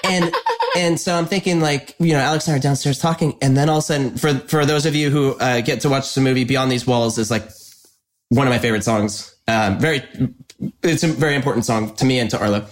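A man's voice: medium pitch, fast talker. A man, a filmmaker guest, telling an anecdote with enthusiasm in a casual interview. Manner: enthusiastic anecdote teller, acts out quotes.

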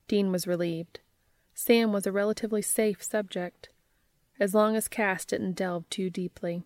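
A woman reading a story aloud in a soft, measured way. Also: medium pitch, fairly even intonation, no echo, clean studio sound. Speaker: narrator.

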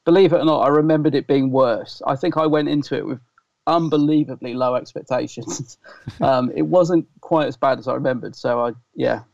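Gravelly man on a dull lo-fi line. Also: mid-range voice, a little fast, a little mellow, dry recording. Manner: easygoing, laughing often. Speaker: podcast co-host. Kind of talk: casual chat.

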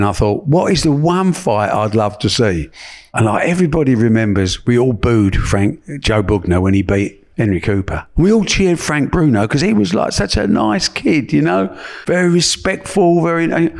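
Older man telling lively anecdotes. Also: on the low side, vocal fry. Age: 70s. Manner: lively, colloquial, acts out dialogue. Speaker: guest, sports promoter. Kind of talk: anecdotal storytelling.

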